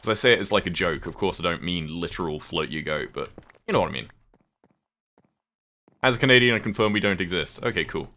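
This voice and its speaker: A man's voice: low-pitched, fairly quick, long pauses, pushed and bright. A British man chatting casually on a livestream while gaming, rambling, swearing offhand and thanking viewers. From United Kingdom.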